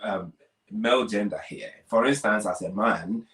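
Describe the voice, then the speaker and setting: A man's voice: lowish voice, measured pace, a bit bright, echoey room, distant mic. A man co-hosting a relationship talk, making earnest points through examples and repetition. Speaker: co-host of a relationship talk show. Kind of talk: conversational discussion.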